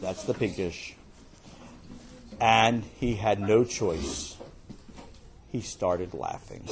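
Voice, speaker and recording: A man telling a children's story in an animated, playful way, with casual asides. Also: on the low side, unhurried, long pauses, slight background noise.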